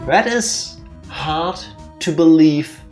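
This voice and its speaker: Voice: mid-range voice, darkish tone. A host teasing the co-host and laughing often during a let's play, with game music faint behind.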